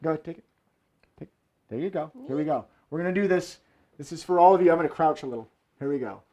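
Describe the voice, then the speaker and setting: A man's voice: fairly high pitch, fast talker, warm tone, lo-fi sound. A man hosting a live variety show from a room at home, joking through his fire tricks. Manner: jokey, playful, theatrical asides. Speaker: host and fire performer.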